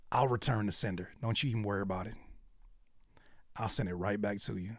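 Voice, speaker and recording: A man's voice: fairly low pitch, fairly quick, pauses often, no room sound, clean studio sound. A man hosting a music-reaction livestream, joking and repeating lines for effect in casual, profane chat. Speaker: livestream host reviewing music submissions.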